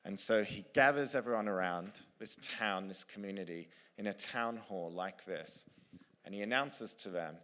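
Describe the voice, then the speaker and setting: A man, an author and speaker, telling a story to a live audience, lively and with frequent restarts. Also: on the low side, normal speed, long reverb tail. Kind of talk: storytelling talk on stage.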